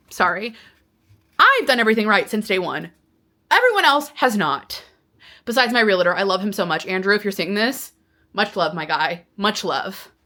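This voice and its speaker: Bright-voiced woman venting to camera. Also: mid-range voice. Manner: animated, exasperated storytelling. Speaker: vlogger. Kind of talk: casual talking-to-camera vlog.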